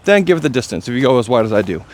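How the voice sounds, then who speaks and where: Excitable chatty man on a disc golf course. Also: mid-range voice, very fast, a little hiss or hum. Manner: chatty, excitable, self-deprecating. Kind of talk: casual play-by-play commentary.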